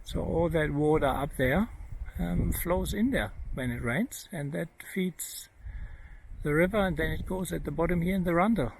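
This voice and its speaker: A man with a slightly high, gravelly voice narrates his outdoor travel vlog from a desert gorge. He talks in a relaxed, rambling way with frequent ums and uhs. Faint noise sits under the voice. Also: moderate pace, low-quality recording. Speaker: 4WD travel vlogger. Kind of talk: casual on-camera narration.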